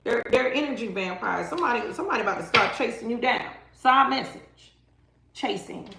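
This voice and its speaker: A woman's voice: on the high side, fairly quick, gravelly, bright, forceful tone, roomy sound, a little hiss or hum. A woman giving a live-stream tarot reading, talking emphatically and dramatically straight to her viewers. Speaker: tarot reader.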